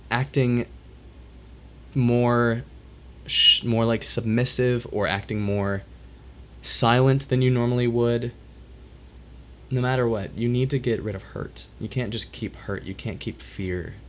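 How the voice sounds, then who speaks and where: Man with a worn, halting voice. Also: lowish voice, fairly bright tone, slight background noise. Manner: halting and reflective, with many restarts. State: voice worn, recovering from losing it; emotional. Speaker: livestream host. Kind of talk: solo livestream, candid talk to chat.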